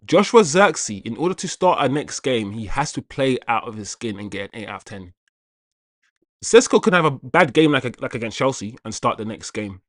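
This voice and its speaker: Sing-song and mid-range, this man's voice moves at a moderate pace with clean studio sound and no room sound. Hosting a live football watch-along, he talks chattily to viewers, saying things more than once and calling out people by name.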